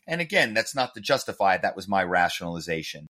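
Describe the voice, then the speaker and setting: A man from the Philadelphia area, a guest telling stories in an animated, self-amused way in an interview. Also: low-pitched, quick pace. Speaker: guest, author and former corporate spy. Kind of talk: conversational interview storytelling.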